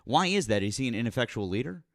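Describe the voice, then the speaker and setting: Guy hosting a political call-in stream, needles the caller, jumpy animated voice, keeps repeating himself. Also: medium pitch, quick pace, no room sound, studio quality. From Massachusetts. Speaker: political talk show host. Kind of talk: heated live call-in debate.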